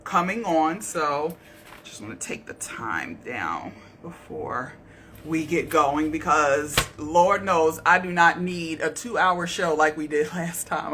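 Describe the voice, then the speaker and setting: Chatty woman livestream host, bright voice. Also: on the low side, slight background noise. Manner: chatty, greets viewers with terms of endearment. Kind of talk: casual livestream chat.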